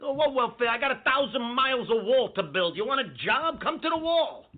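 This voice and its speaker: A man's voice: very high voice, expressive. A man voicing a brash, profane cousin who boasts about building walls. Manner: swaggering, profane, fast-talking. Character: brash Bronx-style male wall-building cousin. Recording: tinny phone-like audio, husky.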